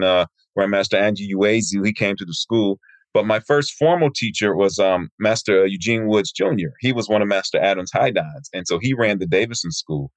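A man's voice: on the low side, no room sound. A man in his fifties from Michigan, a martial arts instructor, telling stories as an interview guest and acting out the people he quotes. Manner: lively storyteller who acts out quoted people.

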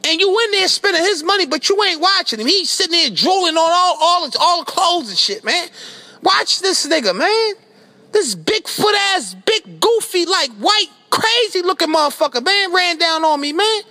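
Casting note: a Philly-man for a comedic rant, bright and tense, swearing nonstop, exasperated. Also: extremely high pitch, normal speed. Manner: animated, exasperated, swearing constantly, breaks into yelling. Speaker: comedic rapper doing an outro skit.

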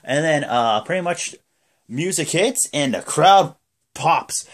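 A man recapping a show in a loose, rambling way, leaning on fillers. His pitch jumps around in a lively, animated way. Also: takes it slowly. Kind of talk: casual spoken recap.

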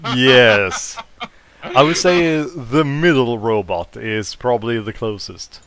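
A man narrating as game master for a tabletop game, unhurried and hesitant. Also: medium pitch, background noise. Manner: unhurried, hesitant with many ums.

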